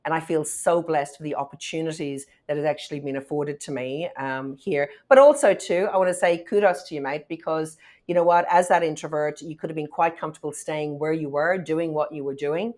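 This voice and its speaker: A woman hosting a podcast interview, chatty and enthusiastic, leaning on fillers. Her voice sits low for a woman. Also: a little fast, hardly any pauses, darkish tone. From from abroad. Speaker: podcast host.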